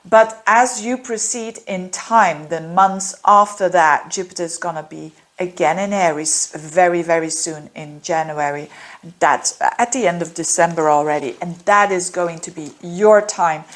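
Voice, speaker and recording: A woman, a native Dutch speaker, reading monthly horoscopes as an astrologer, earnest and encouraging, with many fillers and restarts. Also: medium pitch.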